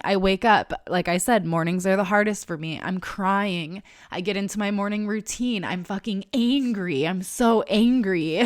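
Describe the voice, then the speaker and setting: A woman with a lowish voice talks to her listeners in a raw, confessional podcast monologue. She is frank and casual and swears freely. The sound is dry and close, with no room around it. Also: dry recording. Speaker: podcast host. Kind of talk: candid personal podcast monologue.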